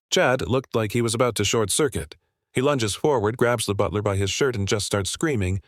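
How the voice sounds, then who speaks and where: A man's voice: on the low side, a little fast, dry recording, studio quality. A man narrating a scripted story recap in a breathless, gossipy style full of slang.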